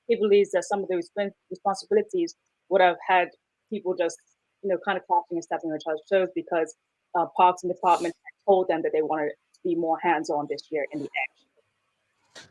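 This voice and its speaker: Brisk woman co-host. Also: mid-range voice, steady tone, a little mellow, poor audio. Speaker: co-host reading the news. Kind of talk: casual talk show chat and news reading. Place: radio talk show studio.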